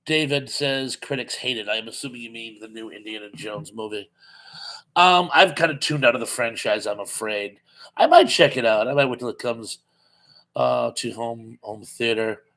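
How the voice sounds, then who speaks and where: A man's voice: medium pitch, moderate pace, fairly bright tone. Chatty man reading viewer comments. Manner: reads viewer comments aloud and responds, chatty with frequent "uh". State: losing his voice. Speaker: live stream host reading chat. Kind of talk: casual live chat.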